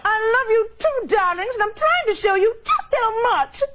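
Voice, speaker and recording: A woman's voice: very high voice, very animated, moderate pace, very noisy, voice pushed up. A woman putting on a gushing, theatrical impression of a glamorous showbiz diva.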